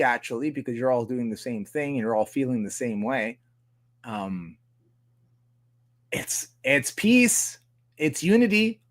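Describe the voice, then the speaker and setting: A man with a Canadian accent hosting a livestream, ranting casually with heavy swearing and frequent laughs. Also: a little high. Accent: Canadian English. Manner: profane, ranting, laughs often. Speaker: livestream host.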